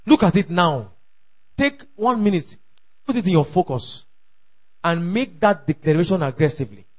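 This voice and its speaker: A man preaching a sermon, emphatic and repetitive, calling out declarations and shouting at the peaks. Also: sits high, lively intonation, normal speed. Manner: emphatic, repeats lines for the crowd to echo, shouts at peaks. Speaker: pastor.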